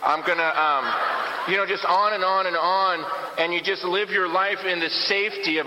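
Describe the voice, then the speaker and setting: An animated male preacher with a high, bright voice, acting out the voices of everyday believers. He is heard in a hall with a long reverb. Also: normal speed, slight background noise. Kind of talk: sermon.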